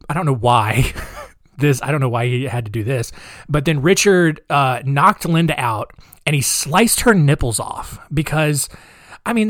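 A man's voice: mid-range voice, dry recording. Chatty man telling true crime, dry sound. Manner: chatty, wry asides, many fillers. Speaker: podcast host. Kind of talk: casual true-crime storytelling.

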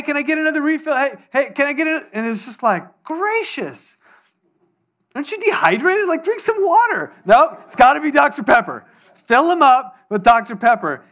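Young male pastor, high voice, casual storytelling sermon with animated voices for quotes.

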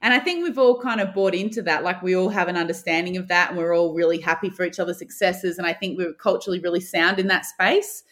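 A woman's voice: fairly low pitch, fast talker, hardly any pauses, fairly bright tone. A young woman, a basketball player guest in an interview, telling stories casually and acting out her own thoughts with the odd swear. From Australia.

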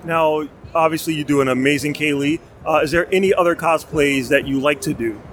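A man's voice: a little high, a little fast, fairly bright tone, slight background noise. A man interviewing a cosplayer for a podcast, asking short, encouraging questions. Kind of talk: convention interview.

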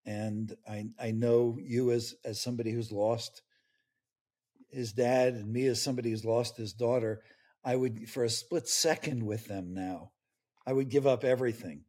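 A man's voice: mid-range voice, steady tone, moderate pace, darkish tone, slightly rough. An older man, a grief expert guest, speaking earnestly and tearfully in an interview. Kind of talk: emotional interview conversation.

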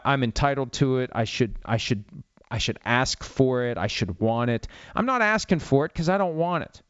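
A man's voice: mid-range voice, dry recording, muffled recording. A man in his fifties hosting a sports talk podcast alone, rambling and opinionated with a self-mocking streak. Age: 50s. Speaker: sports radio podcast host. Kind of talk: solo talk show monologue.

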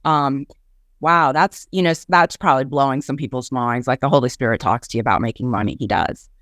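A woman in her sixties, a ministry speaker and guest, tells stories in a lively, conversational way and acts out the people she quotes. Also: extremely low pitch, brisk, no room sound, studio quality. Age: 60s. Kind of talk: conversational storytelling.

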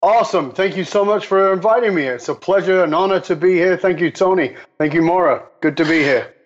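A man's voice: high voice, fairly quick. A man telling a story as an interview guest, acting out the exchanges he quotes. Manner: animated, acts out quoted exchanges. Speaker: guest speaker. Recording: dull lo-fi audio.

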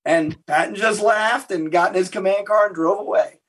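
Guy historian telling war stories on a podcast, kinda high husky voice, acts out all the quotes. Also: moderate pace. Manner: animated anecdote teller who acts out quotes. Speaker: guest historian and author. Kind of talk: interview storytelling.

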